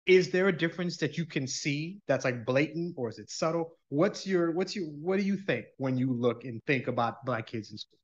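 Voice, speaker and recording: Rambling male podcast host, muffled. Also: medium pitch. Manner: rambling, restarts questions mid-sentence. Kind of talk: casual interview questions.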